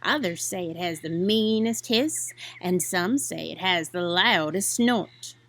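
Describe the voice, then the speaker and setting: A woman voicing a gentle, cautious mother possum who gives soft, soothing warnings. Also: lowish voice, takes it slowly, no echo, voice pushed down.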